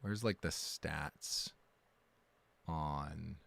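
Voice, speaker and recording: A man's voice: extremely low pitch, drawn-out words, vocal fry, fairly bright tone. A man chatting casually on a live game stream, rambling and correcting himself as he goes, joking and poking fun at himself. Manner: rambling and self-correcting, with frequent restarts; jokey, self-deprecating and exaggerating.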